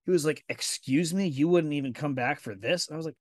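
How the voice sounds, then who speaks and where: A man's voice: fairly high pitch, expressive, fast talker, few pauses, dry recording, clean studio sound. A man hosting a podcast in casual conversation, telling stories candidly with frequent swearing and acted-out quotes. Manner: candid and profane, acts out quoted dialogue in storytelling. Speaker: podcast host.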